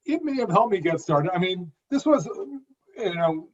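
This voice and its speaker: A man around sixty talks as a guest in an interview, his voice sitting a bit high for a man. He speaks in clear emphatic phrases, sometimes repeating a word as he restarts. The audio is dull and lo-fi. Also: big pitch swings, normal speed. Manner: phrased, emphatic delivery with occasional repeated words. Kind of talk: conversational interview.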